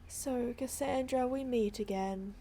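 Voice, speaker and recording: A gloating young villainess from a horse-riding adventure game, sneering at her rivals, read out by a woman. The voice is high and deliberately slow. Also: mellow. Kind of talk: reading game dialogue aloud.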